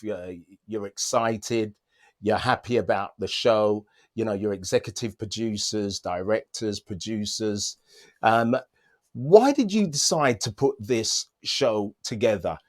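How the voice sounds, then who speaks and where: Jokey rambling male interview host. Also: on the low side. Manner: jokey, rambling, laughs often. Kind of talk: casual interview. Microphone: video call.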